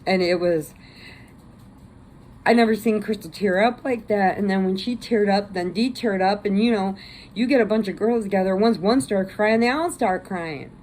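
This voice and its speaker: A woman's voice: medium pitch, moderate pace, darkish tone, slight background noise, low-quality recording. A woman hosting a crochet vlog, chatting casually in a rambling, laughing and teary way. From Illinois, US. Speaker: crochet channel host. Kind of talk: casual chat.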